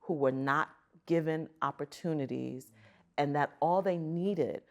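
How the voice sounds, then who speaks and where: Middle-aged woman guest, emphatic storyteller, low gravelly voice with fry. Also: a little slow. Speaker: guest, arts center chief executive. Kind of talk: conversational storytelling.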